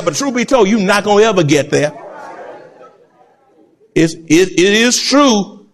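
A male pastor delivers a sermon in a high voice with wide, lively swings of pitch. He acts out other people's voices and breaks into sudden shouts. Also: unhurried, long pauses, a faint crowd.

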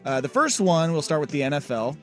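A man's voice: a little high, very animated, fairly quick, faint music behind. A man hosting a sports radio show, talking in casual, playful banter with many "uh"s and frequent laughs.

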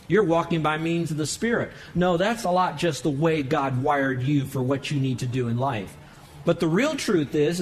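A male pastor preaching a sermon in church, emphatic, with sudden swells of pitch and volume. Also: poor audio. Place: church sanctuary.

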